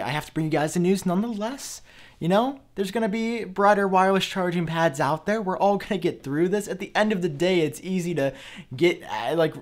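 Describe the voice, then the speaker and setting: Earnest young man vlogging tech news. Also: mid-range voice. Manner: earnest, rambling, with fillers and self-corrections. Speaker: tech YouTuber. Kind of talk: talking-to-camera tech commentary.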